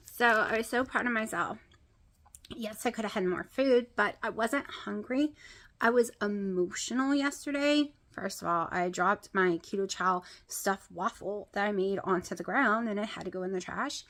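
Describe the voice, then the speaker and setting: A woman talks casually to her camera at home, rambling between topics and breaking into bursts of excitement. Her voice sits a little high. It sounds like a handheld camera in a home. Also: moderate pace, a little hiss or hum. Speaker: vlogger. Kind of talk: casual chat.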